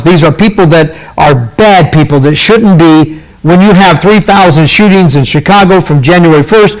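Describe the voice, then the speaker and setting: A male radio host delivers opinionated political commentary in a fairly high-pitched voice. His delivery is emphatic and sarcastic, with sharp climbs on indignant questions. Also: low-quality recording.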